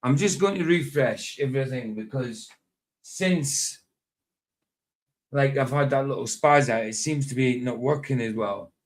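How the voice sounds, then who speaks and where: A man's voice: medium pitch, unhurried. A man hosting a live stream in casual, rambling chat, often chuckling and talking to himself.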